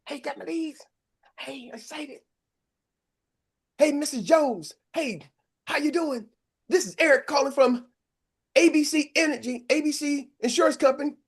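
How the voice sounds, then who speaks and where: A man's voice: very high-pitched, expressive, moderate pace, voice pushed up. A man putting on the voice of an eager young agent cold-calling sales leads in a chirpy, upbeat phone patter.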